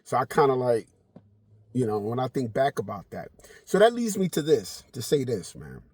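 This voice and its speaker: A middle-aged man telling a casual story to camera, animated and swearing freely, slipping into the voices of people in his story. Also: medium pitch, normal speed, husky. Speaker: vlogger.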